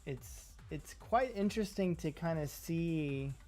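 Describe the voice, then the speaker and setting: Speaking slowly in a warm, medium-pitched voice with lively intonation, this livestreamer rambles through casual chat at home. Fillers pile up and the jokes land on themselves, over faint music and the sound of typing on a keyboard.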